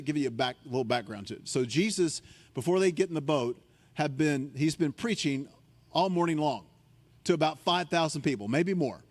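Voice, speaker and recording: A guest speaker delivers a sermon in a large hall, narrating with lively energy. He shifts higher for frantic, panicked characters and sinks low and soft when driving home the important points.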